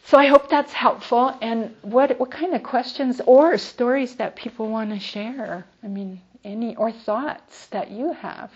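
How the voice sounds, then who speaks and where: A woman giving an informal spiritual talk to a gathered group, speaking warmly and haltingly with many restarts. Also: on the high side, slightly rough, muffled recording. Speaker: Buddhist group teacher. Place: meeting room with a group.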